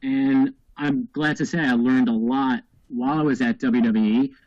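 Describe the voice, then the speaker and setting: A man in his thirties talks through his views on a casual podcast panel, measured and reflective, with a few restarts. His audio is muffled and lo-fi. The sound is dry and close, with no room to it. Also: medium pitch, fairly even intonation, a little mellow, no echo. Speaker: podcast co-host.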